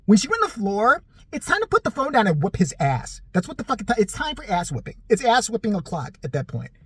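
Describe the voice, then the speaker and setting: A blunt, profane vlogger ranting in sarcastic commentary. The husky voice swings widely in pitch, and the recording is dry and close. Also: wildly swooping pitch, fast talker, a bit bright, no echo.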